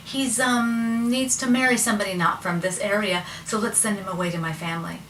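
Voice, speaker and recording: A woman voicing a confident, scheming mother who speaks briskly and reassuringly. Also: medium pitch, fairly even intonation, fairly bright tone, close to an everyday voice. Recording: roomy, distant mic, faint noise.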